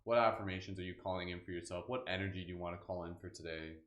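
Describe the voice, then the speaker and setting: A man leads a live guided meditation in a low, relaxed voice. He talks casually, with plenty of "like" and "kind of" as he walks listeners through breathing. The sound carries a noticeable room echo. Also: racing. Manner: relaxed, affirmations and laughter breathing. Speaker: meditation host.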